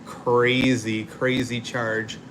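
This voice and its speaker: A man's voice: medium pitch, level tone, drawn-out words. An easygoing man chats on a casual livestream, rambling from one thought to the next and laughing easily. He sits outdoors, and a faint hiss of noise sits under his voice. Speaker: livestream host. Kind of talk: casual livestream chat, reading viewer comments.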